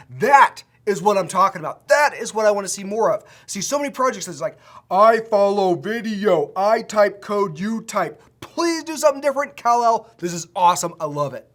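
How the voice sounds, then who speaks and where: A coding school instructor reviews student projects in a casual screen-share video, speaking in a mid-range voice. He's excitable and gushing, rambling and restarting his sentences.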